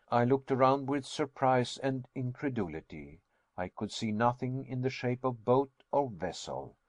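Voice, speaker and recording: A man's voice: mid-range voice, expressive, a little slow, no echo. Man narrating an audiobook, dry and close.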